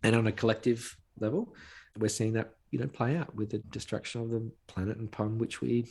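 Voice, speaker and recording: A man speaking as a podcast guest, with a lowish voice that has a husky edge. He talks earnestly, driving points home by repeating phrases, in a conversational interview. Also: level tone, fairly quick, a little mellow.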